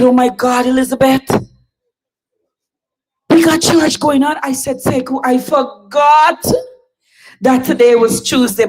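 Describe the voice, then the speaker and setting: A woman hosts an outdoor political meeting and speaks straight to the crowd. She talks slowly in a high voice as she introduces the next speaker. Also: poor audio. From Guyana. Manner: chatty, addresses the crowd directly. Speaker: rally emcee. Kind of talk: emceeing a public meeting.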